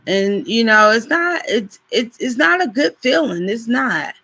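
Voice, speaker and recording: A woman's voice: a little high, big pitch swings, unhurried, sharp tone, rough recording. A woman hosting a live stream, chatting casually with viewers and reading greeting cards aloud. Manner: chatty, addresses viewers directly.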